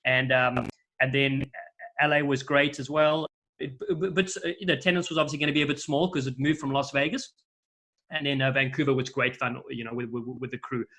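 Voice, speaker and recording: A middle-aged man, a rugby commentator, chatting casually and telling stories with lively acted-out quotes. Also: medium pitch, fairly quick. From South Africa. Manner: animated storyteller, acts out quoted lines. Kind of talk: casual chat, storytelling.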